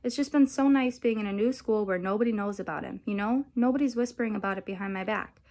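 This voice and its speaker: A woman's voice: mid-range voice, fast, a little mellow, close to an everyday voice. Woman voicing a sensitive, defensive teenage girl in a storybook, tearful, slightly raised voice. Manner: tearful, pleading.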